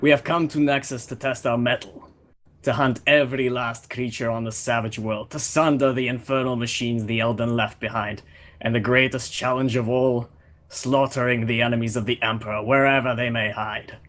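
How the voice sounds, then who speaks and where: A man's voice: mid-range voice, steady tone, normal speed, fairly bright tone, lightly acted. A savage, proud Draken warrior, played by a man speaks with a Russian accent. He boasts of slaughter and growls threats at anyone who doubts him. The voice comes through a gamer's voice chat headset. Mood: boastful.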